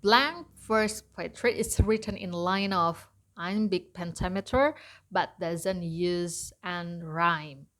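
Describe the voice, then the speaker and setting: A woman's voice: on the low side, fairly bright tone. A woman lecturer with an Indonesian accent, teaching poetry at university in a mix of English and Indonesian, with many fillers. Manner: slow, switches between English and Indonesian, frequent fillers.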